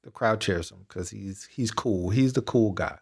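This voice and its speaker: A man's voice: fairly low pitch, moderate pace. A man co-hosting a podcast, chatting casually about wrestling with lots of restarts and fillers. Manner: rambling, many restarts and fillers. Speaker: podcast co-host.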